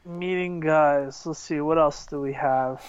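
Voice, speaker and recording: Male co-host, fairly high smooth voice, excitable rambling storyteller. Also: a little slow, muffled recording. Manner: rambling, excitable, many fillers and restarts. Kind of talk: casual storytelling chat.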